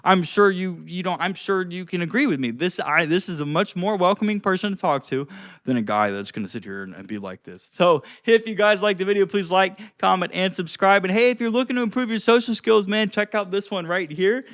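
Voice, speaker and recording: High-voiced young man giving casual advice. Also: a little fast, fairly bright tone, no echo, clean studio sound. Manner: rambling, frequent "like" and restarts, demonstrates tones. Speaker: social skills vlogger. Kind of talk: casual advice vlog to camera.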